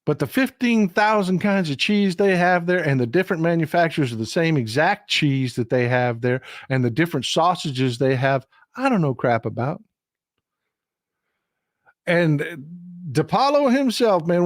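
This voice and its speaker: A middle-aged Texan man hosts a live stream, swapping folksy stories in a chatty, emphatic way at normal speed. His voice sits on the high side, and the studio-quality recording has no room sound.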